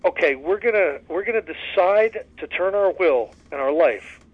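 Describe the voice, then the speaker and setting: An earnest man leads a study discussion, folksy and unhurried, with plenty of restarts. His voice sits slightly high. The sound is dull and dry, as if it came over a phone line. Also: expressive, no echo. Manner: earnest, folksy storyteller with many restarts and fillers. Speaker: recovery study leader. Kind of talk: casual spoken study discussion.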